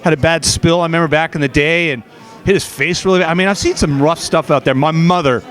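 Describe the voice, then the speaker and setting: A man's voice: fairly high pitch, fast, a bit bright, soft background music. A middle-aged man in a casual interview, telling stories with many fillers and restarts, recorded outdoors at an expo. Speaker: guest, former steeplechaser.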